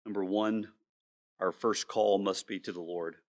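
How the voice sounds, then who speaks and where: A man's voice: deep voice, fairly even intonation. Earnest male pastor preaching. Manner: earnest preaching, slows down to stress words, repeats himself. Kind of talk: sermon.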